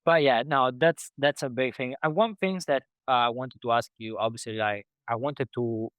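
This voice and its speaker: A man hosting a podcast interview, speaking as an in a halting way full of restarts and fillers. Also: medium pitch, fairly bright tone, clear, resonant tone, no room sound. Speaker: podcast host. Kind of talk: conversational interview.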